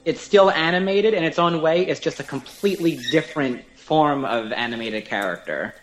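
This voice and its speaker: A man's voice: fairly high pitch, normal speed, low-quality recording. Enthusiastic rambling male podcast co-host. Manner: enthusiastic, rambling, with many fillers. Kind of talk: casual podcast discussion of film performances.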